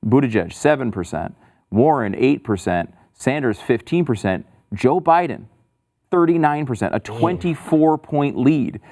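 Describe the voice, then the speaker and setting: A man's voice: medium pitch, expressive, a little slow, a little mellow. A man co-hosting a talk show, chatting casually about politics and reading out figures in a conversational way. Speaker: co-host.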